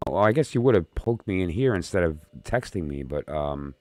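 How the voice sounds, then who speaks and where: A man's voice: sits low, animated, moderate pace, darkish tone, dry recording. A man hosting a late-night live stream of oracle readings, rambling and joking as he talks to his viewers. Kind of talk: casual live-stream chat.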